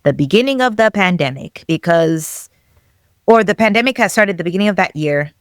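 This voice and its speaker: A young adult woman telling her own story as a podcast guest, animated and acting out the voices of the people in it, laughing often. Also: lowish voice, brisk, no room sound, studio quality. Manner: animated, acts out quoted dialogue, laughs often. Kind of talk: personal storytelling.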